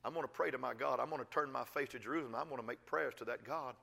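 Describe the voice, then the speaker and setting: A preacher doing a steadfast young believer. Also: male voice, medium pitch, rapid-fire, creaky, sharp tone, exaggerated voice. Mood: resolute. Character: devout young male servant, steadfast.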